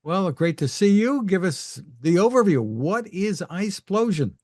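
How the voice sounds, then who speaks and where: Tech show host guy, fairly high voice, upbeat and quick to the next question. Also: big pitch swings, darkish tone, no room sound, clean studio sound. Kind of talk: interview hosting.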